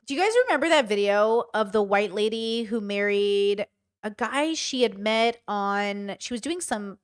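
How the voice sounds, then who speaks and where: Hosting a livestream, a woman chats casually about a video, full of fillers and restarts. Her mid-range voice is unhurried and her tone clean.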